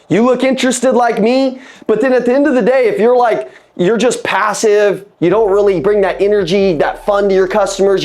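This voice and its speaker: A man giving an energetic sales training talk on a video call. He speaks in a casual, emphatic way, repeats key phrases and calls the audience "guys". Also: sits high.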